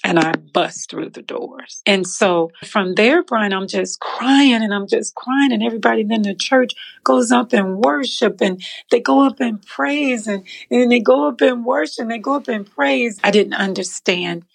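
Woman, gravelly voice, animated testimony, laughs while telling it, acts out scenes. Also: a little high, unhurried, few pauses. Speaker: guest sharing a faith testimony. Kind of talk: animated storytelling.

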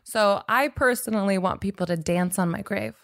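A woman's voice: medium pitch, vocal fry, no room sound, studio quality. A woman hosting a casual interview, playful and teasing with her guest. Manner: playful, teasing, quick to laugh.

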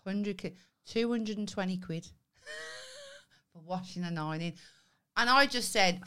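A woman, co-hosting a podcast in casual chat and telling stories in a lively, sweary way. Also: mid-range voice, unhurried, pauses often, smooth. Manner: sweary, animated storytelling with laughs. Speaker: podcast co-host.

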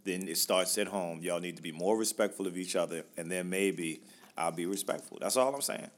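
A man's voice: deep voice, fairly quick. A man from hosting a podcast, chatting casually in a blunt, joking way with playful mock lectures. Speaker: podcast host. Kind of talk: casual chat.

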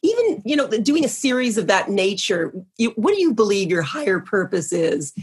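Husky-voiced woman interviewer. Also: mid-range voice, big pitch swings, moderate pace. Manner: effusive and admiring. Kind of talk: interview questions.

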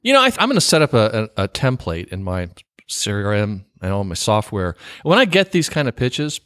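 A man hosting a podcast interview, animated and laughing often. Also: on the low side, a little fast, clear, resonant tone, no echo, studio quality. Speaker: podcast host.

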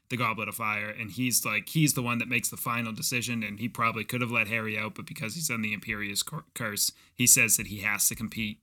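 A man in casual podcast chat, explaining in halting, rambling sentences. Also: on the low side, sharp tone. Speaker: podcast co-host.

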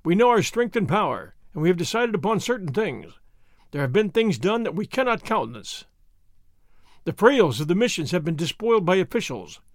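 A man's voice: high voice, sing-song, a little fast, dry recording, studio quality. A man voicing a commanding young caballero. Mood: stern. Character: proud young noble caballero leader, commanding.

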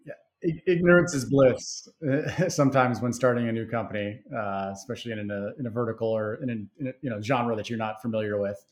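Man in a business interview, mid pitch, casual and unpolished. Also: brisk. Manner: easygoing, many fillers and restarts. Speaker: game creator guest. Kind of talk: conversational interview.

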